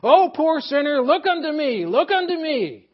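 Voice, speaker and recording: Man putting on an old essex country preacher, fervent, pleading, high loud voice, dull lo-fi recording. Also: big pitch swings, normal speed. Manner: pleading, repeats his refrain.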